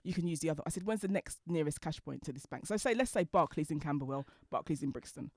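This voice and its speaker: A woman telling stories as a podcast guest, talking fast and laughing as she goes. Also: low voice, animated, darkish tone, no room sound, clean studio sound. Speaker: guest, designer. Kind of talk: animated storytelling in conversation.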